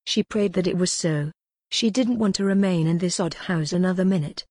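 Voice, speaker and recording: Woman reading a gothic audiobook, lowish voice, steady and measured, dry close mic. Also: no room sound. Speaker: audiobook narrator. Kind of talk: scripted audiobook narration.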